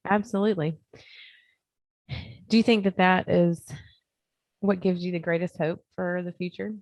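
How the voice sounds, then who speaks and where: A woman's voice: fairly low pitch, fairly even intonation, moderate pace, dry recording. A woman co-hosting a podcast, who listens and mostly responds with short affirmations and questions. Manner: supportive listener, brief affirmations. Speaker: podcast co-host. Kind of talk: casual chat.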